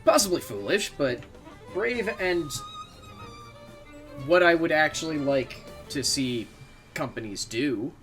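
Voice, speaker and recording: Bright-voiced man rambling over gameplay. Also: a little high, animated, takes it slowly, pauses often, soft background music. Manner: rambling, swears freely, self-mocking asides. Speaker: game streamer. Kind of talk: casual gameplay commentary.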